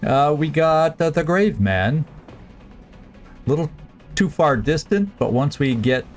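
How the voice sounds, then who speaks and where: A man streaming a strategy game, planning his moves aloud in a halting, casual way with frequent restarts. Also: a little high, lively intonation, soft background music. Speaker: gameplay streamer. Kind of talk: casual let's-play commentary.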